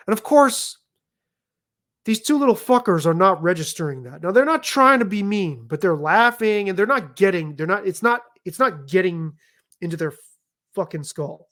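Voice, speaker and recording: A middle-aged man telling stories in a casual chat, animated, emphatic and liberal with swearing. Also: sits high, normal speed. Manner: animated, profane, emphatic storytelling. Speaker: podcast guest.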